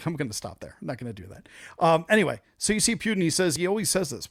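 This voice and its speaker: Emphatic, fairly high-voiced male host. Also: sing-song, quick pace, no room sound, studio quality. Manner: conversational, emphatic, loose with fillers. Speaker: show host. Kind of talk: casual opinion commentary.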